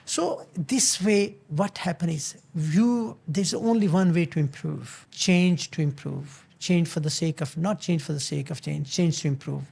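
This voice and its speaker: An older man hosting his own show, giving earnest, motivational business advice in a halting way, often restarting and repeating words. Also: on the high side, vocal fry, a little mellow, husky. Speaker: business founder and show host.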